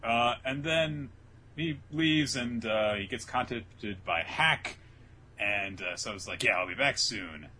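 A man's voice: medium pitch, takes it slowly, a little hiss or hum. A man co-hosting a casual podcast, recapping an anime episode and acting out the characters' lines as he goes. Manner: animated recap, jumps into loud character voices for quotes. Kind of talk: casual chat.

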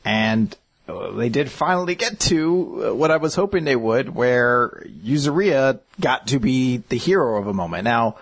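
A man in a casual talk, giving thoughtful, measured commentary. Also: medium pitch, expressive, gravelly, husky. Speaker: podcast co-host. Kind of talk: casual discussion.

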